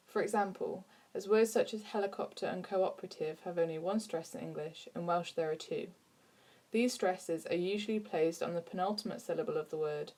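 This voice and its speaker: A woman reads a scripted lesson in a measured, informative way. Her voice sits on the low side. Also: darkish tone. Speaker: narrator. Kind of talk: scripted narration.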